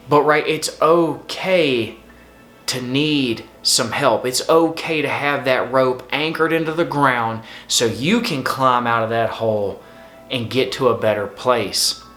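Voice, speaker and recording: A man speaks in a medium-pitched voice, earnest and a little pleading as he repeats his points. The sound is roomy, with echo around him. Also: measured pace, a bit bright, soft background music. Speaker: host. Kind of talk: earnest advice talk.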